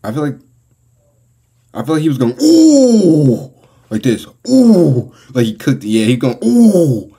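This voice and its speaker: An American man hosting a reaction video, talking casually and getting excitable as he comments and laughs along. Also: mid-range voice, fast, long pauses, breathy edge. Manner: excitable, laughs and exclaims often.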